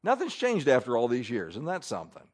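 A man preaching a sermon, emphatic, swinging between loud declarations and hushed asides. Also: mid-range voice, wildly swooping pitch, quick pace.

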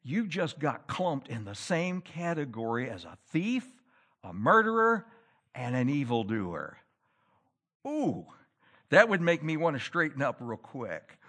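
A man preaching a sermon in a church, with animated delivery that rises to loud, emphatic peaks. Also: fairly high pitch, measured pace. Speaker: pastor.

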